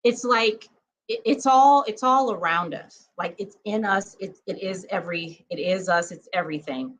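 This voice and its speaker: A woman's voice: mid-range voice, moderate pace, a bit bright, slight background noise, rough recording. A woman talking in a casual vlog monologue. She is emphatic, speaks straight to her viewers, keeps asking "okay?", and laughs easily. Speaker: spiritual vlogger.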